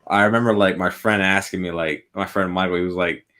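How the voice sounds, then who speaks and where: A young man co-hosting a podcast in casual chat, excitable, saying "like" constantly and laughing often. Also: low voice, fairly quick. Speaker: podcast co-host.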